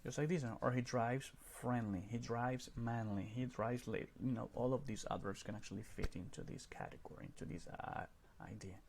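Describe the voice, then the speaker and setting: A man's voice: medium pitch, fairly even intonation, moderate pace, gravelly, a little mellow, slight background noise. A man teaching a recorded grammar lesson over slides, explaining step by step and often checking in with "right?".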